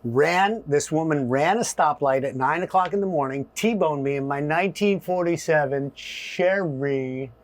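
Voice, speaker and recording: A middle-aged man telling a story in an interview, animated and acting out voices and asides. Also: a little high, measured pace, hardly any pauses. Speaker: guest.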